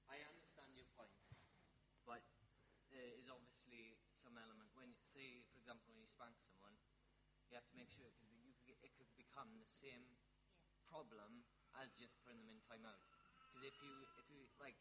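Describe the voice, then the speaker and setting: A man questioning a point in a casual discussion, halting and searching for words. His pitch stays flat and even, sitting in a middle range. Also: noisy background. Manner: hesitant, full of likes and restarts.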